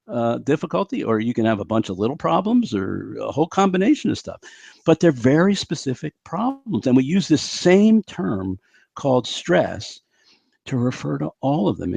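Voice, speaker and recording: Animated older male physician storyteller. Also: medium pitch, vocal fry, no room sound. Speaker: physician guest. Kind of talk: interview conversation.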